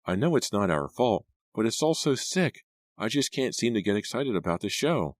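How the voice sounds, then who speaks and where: A man voicing a frightened teenage girl in an audiobook, pushing his voice high and strained, close to tears. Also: very animated, normal speed, dry recording. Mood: uneasy. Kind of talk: audiobook character voice.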